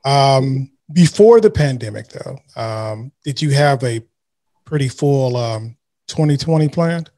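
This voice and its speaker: A man hosting a casual interview, asking questions in a relaxed, agreeable way. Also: mid-range voice, takes it slowly. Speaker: interview host.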